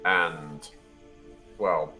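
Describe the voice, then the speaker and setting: Bright-voiced male game master. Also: a bass voice, fairly even intonation, extremely slow, faint music behind. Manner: rambling, casual description full of fillers. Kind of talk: narrating a tabletop game.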